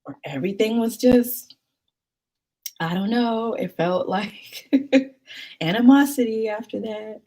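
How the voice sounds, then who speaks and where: A woman's voice: a little high, animated, takes it slowly, pauses often, mellow. A young woman vlogger telling a story in casual chat, acting out the people she quotes and laughing often.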